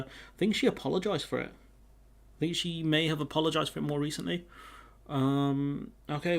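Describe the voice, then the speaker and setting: Male streamer, a little high-pitched, relaxed and chatty, reacts to his viewers' comments. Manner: chatty, reads viewer comments aloud, runs polls. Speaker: livestream host. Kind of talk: casual live-stream chat.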